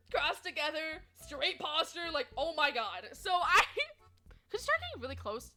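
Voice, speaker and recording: A young woman streamer telling stories to her chat in a chatty, animated way, swearing freely and laughing often. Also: high-pitched. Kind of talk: casual storytelling to chat.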